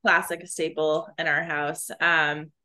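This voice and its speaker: A woman's voice: sits low, level tone, slow pace, bright, forceful tone. A young adult woman co-hosting a casual podcast over a video call, chatting in a goofy, upbeat way. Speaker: podcast co-host. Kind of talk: casual chat over beer.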